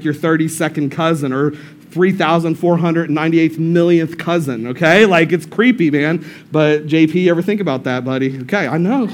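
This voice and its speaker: Animated, joking male pastor. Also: fairly high pitch, a little hiss or hum. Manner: animated, joking, repeats phrases. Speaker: lead pastor. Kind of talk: casual, storytelling sermon. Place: church service room.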